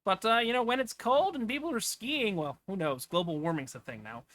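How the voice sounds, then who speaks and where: A man's voice: sits high, lively intonation, a little fast, fairly bright tone, dry recording. A man giving casual, off-the-cuff commentary as he clicks through travel listings, rambling with asides. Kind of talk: casual screen-share commentary.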